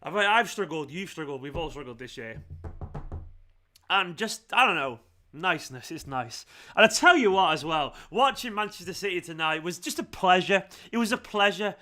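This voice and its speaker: Bright-voiced man, heartfelt. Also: sits high, animated, normal speed, soft background music. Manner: heartfelt, rambling, repeats thanks. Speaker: fan channel host. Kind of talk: emotional to-camera vlog.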